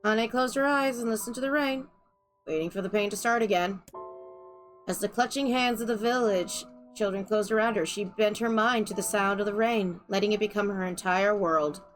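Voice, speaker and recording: A woman's voice: mid-range voice, moderate pace, faint music behind. A woman streamer reading a game's story text aloud and adding dry, wry remarks.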